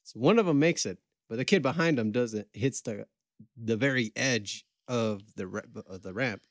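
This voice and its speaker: A man's voice: medium pitch, normal speed, no room sound. A man co-hosting a casual podcast chat, joking bluntly and swearing freely, recorded close on a mic. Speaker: podcast co-host.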